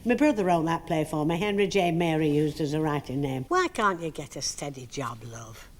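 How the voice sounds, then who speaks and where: An older actress telling lively stories about her career in an interview, acting out what people said. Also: deep voice, normal speed, long reverb tail. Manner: chatty anecdotal, acts out quotes. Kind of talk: storytelling interview.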